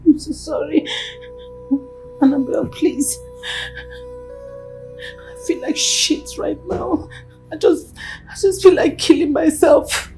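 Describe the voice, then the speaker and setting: A woman's voice: sits high, music in the background. An actress with a Nigerian accent playing an ashamed middle-aged mother who begs her daughter tearfully, in a film scene. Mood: pleading. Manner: slow, begging and tearful. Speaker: mother caught in an affair. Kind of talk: Nollywood film acting.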